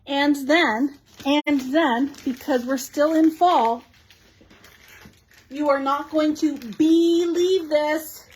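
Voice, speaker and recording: Bubbly, high-voiced woman host. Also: rough recording. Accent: Canadian English. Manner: bubbly and gushing, quick asides to viewers. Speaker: shop host showing new craft products. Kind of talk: live product showcase chat.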